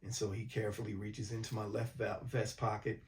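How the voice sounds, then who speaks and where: A man from mid-state New York, calmly recounting a personal story in a documentary interview. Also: fairly low pitch, fairly quick.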